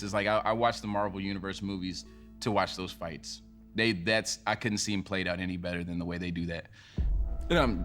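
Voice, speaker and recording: A laid-back man with a fairly low voice chats as an interview guest, drifting through fillers as he talks. Faint music sits beneath him. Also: a bit bright. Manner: laid-back, many fillers like "you know" and "like". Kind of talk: casual interview answers.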